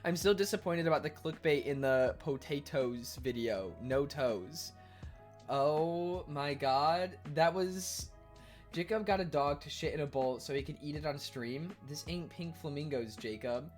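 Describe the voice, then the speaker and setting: A man streaming live in a casual chat, reading viewers' messages aloud and answering them while he eats, quick to argue and defensive. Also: fairly high pitch, faint music behind.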